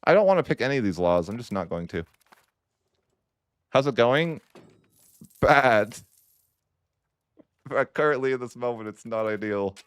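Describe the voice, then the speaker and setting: A man chats through a strategy game in a smooth, mid-pitched voice. He is wry and mock-dramatic, moping over his setbacks with laughing self-pity. The sound is dry and close. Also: expressive, unhurried, pauses often, no echo. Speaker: gaming YouTuber. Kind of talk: casual strategy game commentary.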